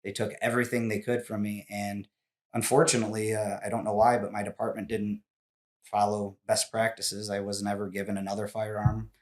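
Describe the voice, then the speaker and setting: A man's voice: on the low side, little pitch movement, brisk. A man in his forties, a podcast guest, telling a personal story in casual interview talk, candid and emotional, with many restarts.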